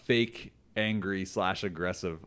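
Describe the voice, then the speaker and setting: A man's voice: low-pitched, slow pace, fairly bright tone, clear, resonant tone. A man from Canada hosting a casual podcast chat, joking around and slipping into mock voices. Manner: jokey, does mock voices of people he describes. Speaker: podcast host.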